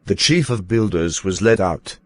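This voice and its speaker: A man narrating an animated poem in a measured, storybook style. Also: sits low.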